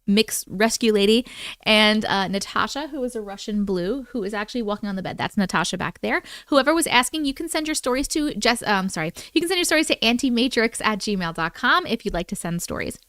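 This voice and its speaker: A woman's voice: a little high, fairly bright tone, clear, resonant tone, dry recording, clean studio sound. A woman hosting a live stream, casually chatting with viewers, reading their comments aloud and cooing at her cats. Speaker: livestream host.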